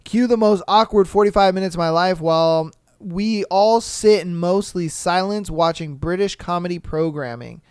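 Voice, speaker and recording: Man, podcast host, high voice, unhurried, dry close sound, casual storytelling. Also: clean tone, no room sound. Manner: laid-back, chatty, with crude jokes. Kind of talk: reading listener stories aloud and reacting.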